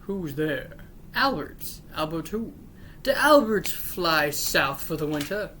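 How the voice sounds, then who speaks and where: Speaking slowly in a low-pitched, expressive voice with a bit of brightness, this channel host works through a string of jokes. She stays unimpressed, stopping to complain that none of them land. A little hiss or hum sits under the recording.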